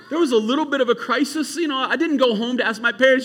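A male youth camp speaker delivering a sermon. He talks in a casual, animated storytelling style. His voice sits high and sounds bright and forceful. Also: fast, hardly any pauses.

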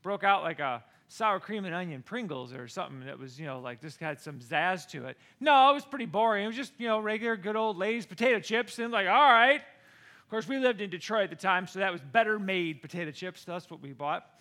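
A man's voice: high voice, a little fast. A middle-aged man casually telling a personal story to camera, acting out the voices of the people in it with big swings. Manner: animated, acts out quoted voices with big swings. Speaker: vlogger.

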